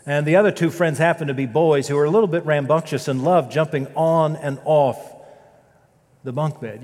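A man preaching a sermon as pastor, telling a story with dramatic loud peaks and quiet, slow prayerful passages. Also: a little high. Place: church sanctuary. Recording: long reverb of a church sanctuary.

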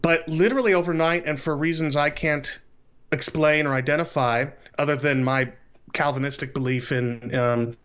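A man in his late thirties, a podcast guest, telling his life story in a casual interview in an earnest, measured way. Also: fairly high pitch, fairly even intonation, a bit bright, clear, resonant tone. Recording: slightly dull lo-fi audio.

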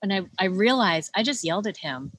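Middle-aged woman, co-author, animated storyteller, mid-range voice, dry close sound. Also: medium pitch, brisk, husky, no room sound. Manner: animated storyteller, laughs often. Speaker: children's book co-author. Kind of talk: casual conversation.

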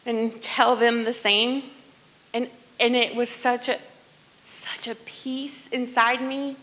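A middle-aged woman sharing a personal testimony in church, earnest and conversational, often dropping to a hushed voice. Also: a little high, little pitch movement, takes it slowly, low-quality recording. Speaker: worship leader sharing testimony.

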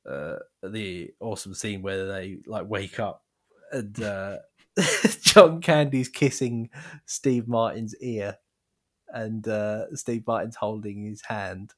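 A man's voice: lowish voice, takes it slowly. A man co-hosting a casual film podcast, easygoing and laughing often as he recalls scenes. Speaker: podcast co-host. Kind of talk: casual film review chat.

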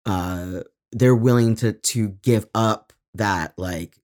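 A man's voice: fairly low pitch, slow, a little mellow. A man from Texas co-hosting a podcast, talking in a casual, earnest and reflective way, often trailing off and restarting mid-thought. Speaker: podcast co-host.

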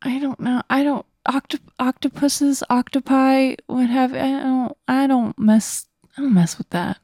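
Woman player, mellow voice, keeps stalling and trailing off, dry sound. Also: high-pitched, steady tone, no room sound. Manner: hesitant, halting, trailing off. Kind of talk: playing a tabletop game.

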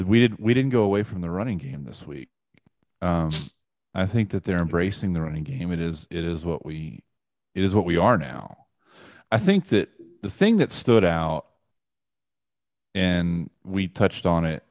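A man's voice: sits low, expressive, normal speed, long pauses, a little mellow. A man co-hosting a casual sports chat, making his case emphatically.

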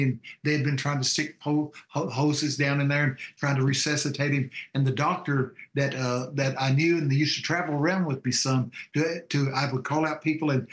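A pastor appearing as a guest on a call-in show tells his testimony and preaches with a folksy, fervent cadence. His medium-pitched voice is a bit bright and sounds reverberant.

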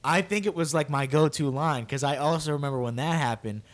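Young male podcast co-host, slightly high voice, rambling storyteller who bursts into wailing impressions. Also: brisk. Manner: rambling storyteller, acts out childish wails. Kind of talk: casual chat.

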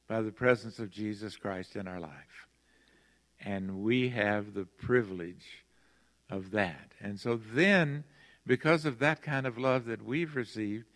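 The long echo of a large church sanctuary fills this recording of an older pastor's sermon. Earnest and emphatic, he slows down to stress key words, his fairly bright voice sitting at an everyday middle pitch as he addresses the congregation.

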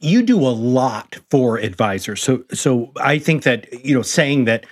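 A man's voice: mid-range voice, lively intonation, unhurried. A man hosting a podcast, asking questions casually and repeating words as he searches for the phrasing. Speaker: podcast host. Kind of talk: interview questions.

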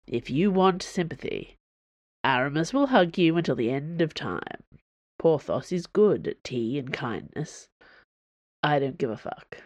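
A bitter, weary drunken swordsman, put on by a woman reading a storybook aloud. He speaks low, curt and gruff, brushing everything off. The voice is close and dry. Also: big pitch swings, measured pace, a little mellow, no echo, highs cut off, exaggerated voice.

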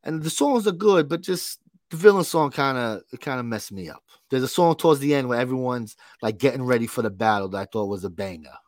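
A man's voice: medium pitch, animated, brisk, no echo. A man co-hosting a pop culture podcast, chatting casually with lots of fillers and the odd swear word. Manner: rambling, filler-heavy, profane. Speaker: podcast co-host. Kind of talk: casual chat.

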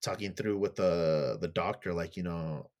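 Man, podcast co-host, casual chat, rambling, animated, swears casually, fairly low pitch. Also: a little slow.

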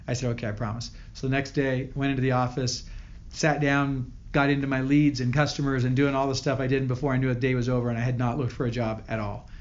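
A man guest on a podcast telling a personal story in an earnest way, often stopping and restarting his sentences. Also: medium pitch. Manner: earnest, halting with many restarts. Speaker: podcast guest, company founder. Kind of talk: storytelling interview. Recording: dull lo-fi audio.

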